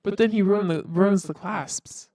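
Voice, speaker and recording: A woman's voice: mid-range voice, unhurried, mellow, no room sound. A woman co-hosting a casual podcast, matter-of-fact with a dry wit. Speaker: podcast co-host. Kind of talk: casual banter.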